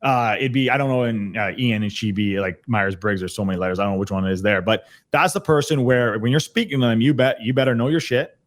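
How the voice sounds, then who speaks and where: A sales trainer appears as a podcast guest over a video call, with his computer as the microphone. He gives a casual conversational explanation in a fairly low voice, talking fast with few pauses, energetically repeating words and restarting.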